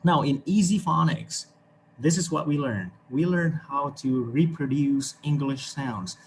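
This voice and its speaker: A man's voice: a little high, a little slow, a little hiss or hum. A man from Indonesia with an Indonesian accent, teaching an online English class with encouragement, often checking in with "okay" and "right". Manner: encouraging, repeats words, frequent okay and right.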